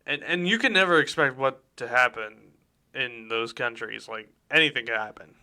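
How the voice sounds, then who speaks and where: A man's voice: medium pitch, normal speed, pushed and bright, smooth. A man hosting a radio show, chatting loosely and jokingly, often repeating words as he goes. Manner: rambling, jokey, repeats words. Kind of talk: casual radio chat. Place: radio studio.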